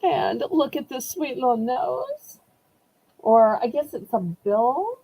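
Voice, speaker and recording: This woman's voice is gravelly, dark and slightly rough, with a sing-song lilt and a slow delivery, captured on poor audio. Hosting a live-stream auction from her home via webcam, she is emotional and fights off tears before resuming cheerful product pitches.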